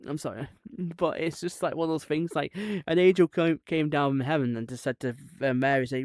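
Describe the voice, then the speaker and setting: A man's voice: a little high, lively intonation, brisk, dry recording. Streamer guy rambling and joking around, dry close sound. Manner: rambling, irreverent, laughs at own jokes. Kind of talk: casual chat.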